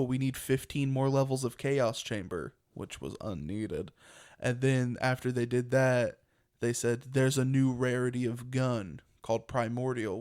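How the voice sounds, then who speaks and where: A man's voice: mid-range voice, darkish tone, smooth. A young man co-hosting a casual podcast, talking in a rambling, chatty way and laughing often. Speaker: podcast co-host.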